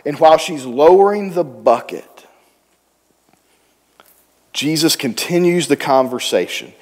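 A man preaching a sermon in a church, telling the story with animated voices for the people in it. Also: on the high side, measured pace, in a large hall. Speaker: pastor. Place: church sanctuary.

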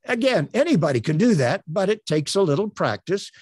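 An older man coaching on elevator pitches in an online presentation, earnest and promotional, with many uhs. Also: very animated, fairly quick, a little mellow, slightly rough, no echo. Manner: filler-heavy, earnest, promotional. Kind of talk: webinar presentation. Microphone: webcam on a tripod.

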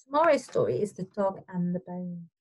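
A woman teacher reading a storybook aloud to children, expressive and gentle, pausing to explain the story. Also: lowish voice, poor audio. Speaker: primary school teacher.

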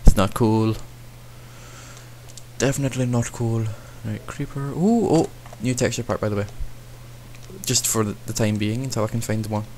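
Rambling young gamer. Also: male voice, mid-range voice, normal speed, a little mellow, slight background noise. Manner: rambling, self-mocking, talks to himself while playing. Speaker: gaming channel host. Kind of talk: casual let's-play commentary.

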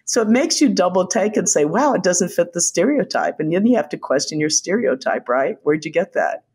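An older woman, a former White House physician, telling lively stories as an interview guest and laughing often. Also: on the low side, slightly rough. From United States. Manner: animated anecdotes, quick quoted voices, laughs often. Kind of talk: conversational storytelling.

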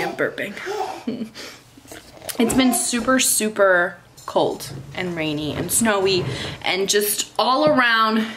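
A woman's voice: medium pitch, noisy background. A young woman and mother filming a casual vlog in her dining room, rambling with lots of ums and little laughs. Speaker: vlogger and mother. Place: home dining room, indoors.

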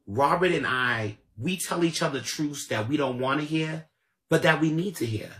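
A man's voice: fairly high pitch, normal speed, pushed and bright. Confrontational ranting man with AAVE speech. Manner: confrontational, repetitive, profane. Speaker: livestream commentator. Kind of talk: ranting livestream commentary.

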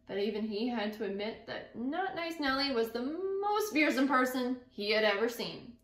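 A woman teacher reading a picture book aloud to her class, pausing to think out loud about what she imagines. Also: a little high, expressive. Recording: echoey room.

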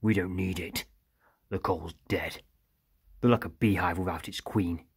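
A man voicing a cold, menacing soldier villain who threatens calmly. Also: low voice, a little slow, husky, no room sound, studio quality, heavily acted. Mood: cold menace.

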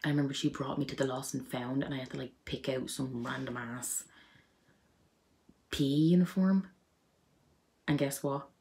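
A woman's voice: extremely low pitch, steady tone, normal speed, gravelly, long pauses, a little mellow. A young woman chatting to camera, telling funny childhood stories with lots of fillers and laughter. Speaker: vlogger. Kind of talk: casual storytelling to camera.

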